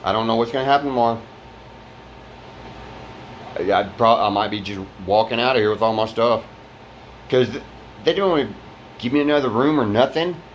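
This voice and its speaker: A man's voice: mid-range voice, brisk, pauses often, slight background noise. A man venting about his fire-damaged apartment in an angry, rambling vlog, swearing often and restarting his sentences, recorded inside the damaged apartment. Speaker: vlogger.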